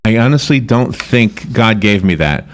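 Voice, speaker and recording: Animated, chatty male radio host. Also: lowish voice, unhurried. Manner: chatty, rambling, self-interrupting. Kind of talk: casual radio interview.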